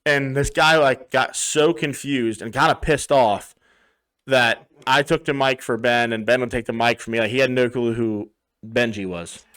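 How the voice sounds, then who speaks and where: Steady and fairly bright, this young man's mid-range voice moves at normal speed as he co-hosts a podcast. He spins meandering, profanity-heavy bar tales casually, imitating the people in them.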